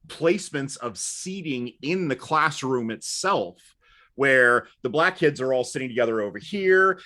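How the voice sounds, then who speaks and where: A man with a mid-range voice spins stories in a laid-back chat, landing his jokes deadpan. He grew up partly in England and talks in a wry, easygoing way. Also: medium pitch. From United States, partly raised in England. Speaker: guest. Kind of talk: casual storytelling chat.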